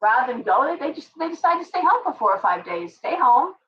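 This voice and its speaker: Middle-aged woman, tarot livestream host, chatty and ranty, fairly high voice, dull lo-fi sound from a distant mic. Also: fairly quick, a little hiss or hum. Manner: chatty, ranting, animated asides. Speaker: tarot reader and live stream host. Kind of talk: casual livestream tarot reading.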